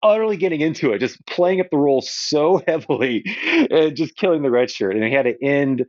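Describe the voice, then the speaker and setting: A man guest on a podcast telling a playful anecdote in a casual, animated way. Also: fairly high pitch, brisk, no room sound, muffled recording. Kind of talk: casual storytelling.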